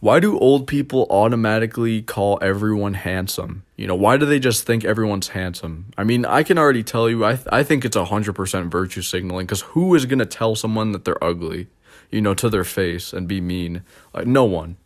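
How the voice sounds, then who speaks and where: A man's voice: on the low side, a little fast. Self-deprecating young man rambling. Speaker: vlogger. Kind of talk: casual monologue.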